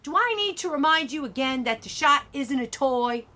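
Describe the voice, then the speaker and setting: A woman's voice: a little high, slow, slightly rough, full character voice. A woman voicing a strict female track coach who scolds firmly. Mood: stern. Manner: stern, scolding.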